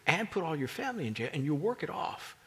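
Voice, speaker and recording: A man's voice: on the high side, big pitch swings, fast talker, sharp tone, voice pushed up, heavily acted, low-quality recording. A male preacher acting out a stern master in a parable who scolds a servant and orders punishment. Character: stern wealthy master, a grown man.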